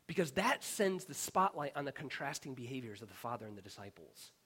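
A man preaching a sermon as pastor, earnest and emphatic, sometimes dropping to a hushed whisper on key words. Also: medium pitch, big pitch swings, brisk, breathy edge.

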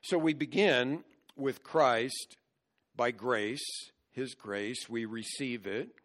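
A man's voice: medium pitch, slow pace, a bit bright. A man preaching a sermon, earnestly explaining scripture verse by verse.

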